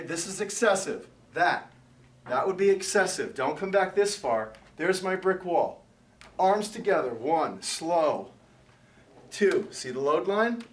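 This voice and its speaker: A man's voice: on the high side, distant mic. A male fitness trainer giving workout instruction, counting reps and explaining exercises. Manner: loud counted cues, then calmer explaining. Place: gym. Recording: roomy echo, from off-mic.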